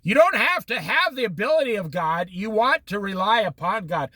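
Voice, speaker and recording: On the Oregon coast, a Bible teacher gives a casual study talk, animatedly acting out little dialogues between people and God. His voice sits high and his pace is moderate, with no echo.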